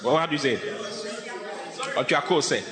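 A man preaching a sermon as pastor, animated and laughing often, acting out the voices of people he quotes. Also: a little high, normal speed, a crowd in the background. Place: church hall. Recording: echoey hall reverb.

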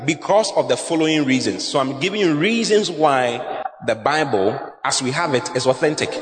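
A middle-aged man preaching in a church hall, his pitch rising and falling with lively emphasis. He keeps turning to the congregation with questions. The sound carries a long echo. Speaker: pastor. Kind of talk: sermon. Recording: echoey church hall, faint room noise.

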